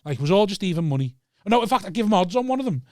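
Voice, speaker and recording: A man's voice: high-pitched, very fast, no echo, studio quality. A man co-hosting a podcast, telling a story in casual chat, swearing freely and acting out the quotes. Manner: swears freely, acts out quotes with lively voices. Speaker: podcast co-host.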